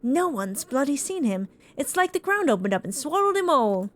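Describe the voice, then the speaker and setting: A woman voicing a gruff one-eyed male mercenary captain in a rough, pirate-style brogue while reading game dialogue aloud. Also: high voice, very animated, moderate pace.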